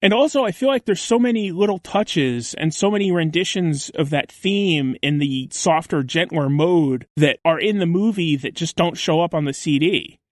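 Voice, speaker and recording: A man's voice: on the high side, moderate pace, hardly any pauses, no room sound. A man co-hosting a podcast in casual chat, enthusiastic and talkative. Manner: enthusiastic, chatty. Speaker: podcast co-host.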